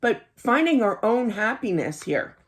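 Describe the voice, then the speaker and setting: A middle-aged woman reads tarot cards in a casual, heartfelt chat. Her voice sits a little high and moves up and down a lot as she talks. She is earnest and laughs easily. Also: sing-song, measured pace. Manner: chatty, earnest, laughs easily, lots of "you know". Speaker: tarot card reader.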